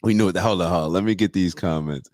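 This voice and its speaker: A morning show host with a deep, slightly mellow voice talks quickly in clean studio sound with no room echo. He reacts to a clip and reads out viewer comments, speaking loosely in slang directly to his audience.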